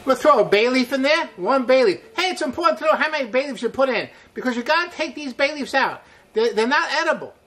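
A man's voice: very high voice, lively intonation, fast, a bit bright. A middle-aged man hosting a cooking show as a chef, chatty and upbeat, walking through a recipe step by step with frequent exclamations. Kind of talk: casual cooking demonstration.

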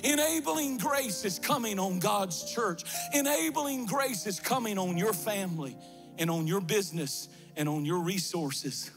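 A man's voice: high voice, lively intonation, a little slow, vocal fry, over music. A middle-aged man, a pastor preaching a fervent, sing-song sermon in a near-empty church.

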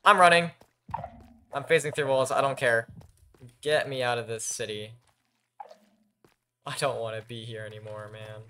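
Young guy doing game commentary, bright voice, jumpy and yelpy, bit of hiss behind. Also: mid-range voice, level tone, normal speed, long pauses. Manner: jumpy, talks to himself and viewers, yelps when scared. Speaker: gaming YouTuber. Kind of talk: Minecraft let's play commentary.

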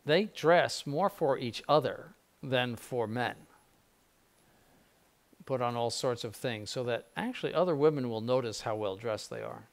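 A man's voice: mid-range voice, a little slow, vocal fry. An older man, a bishop, giving an informal spiritual conference in a blunt, conversational way with frequent asides.

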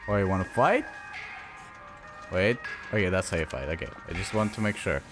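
A man commenting while playing a shooter game, excitable and swearing, often yelling at enemies. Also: low-pitched, a little fast, over music. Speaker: gaming channel host. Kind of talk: let's play commentary.

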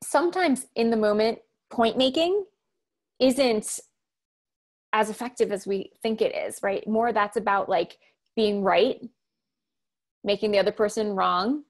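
A communication coach in her thirties talks emphatically and animatedly in an interview conversation, telling stories with acted-out quotes. Her voice is mid-range and a little slow, with long pauses.

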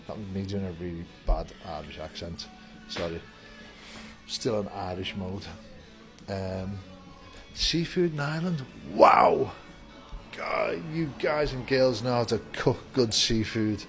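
A man working at a vape shop greets his viewers and chats casually to camera from inside, upbeat and rambling, the door open and faint music in the background. His voice is fairly low and he talks slowly.

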